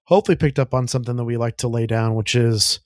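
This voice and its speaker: A man co-hosts a casual podcast at a quick clip. He is chatty and keeps chiming in to agree. His mid-pitched voice sounds dry and close. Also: no room sound. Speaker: podcast co-host.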